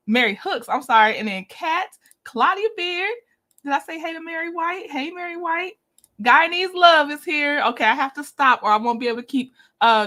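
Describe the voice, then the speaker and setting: Woman, high voice, upbeat chatty livestream host, laughs often. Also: pushed and bright. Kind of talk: casual livestream chat greeting viewers.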